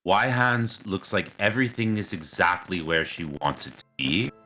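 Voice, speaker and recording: A man narrating a tabletop game as game master, unhurried and descriptive. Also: deep voice, expressive, bright, forceful tone, rough recording.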